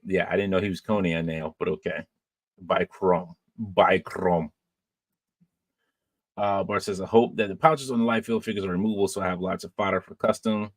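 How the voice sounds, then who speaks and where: A man with a low voice hosts a podcast, reading viewer comments aloud and chatting back in a loose, rambling way. He fills gaps with ums and restarts his sentences. The sound is dry and close, with no room echo. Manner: relaxed, rambling, many fillers and restarts. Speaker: podcast host reading live chat. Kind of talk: casual livestream chat.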